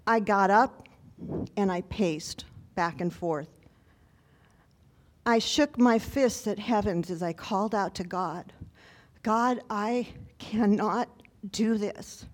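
A woman's voice: medium pitch, slow pace, pauses often. A woman telling a personal story to an audience in an earnest, reflective, conversational way.

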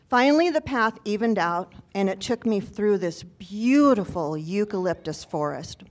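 A woman telling a personal story to an audience in an earnest, reflective, conversational way. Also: mid-range voice.

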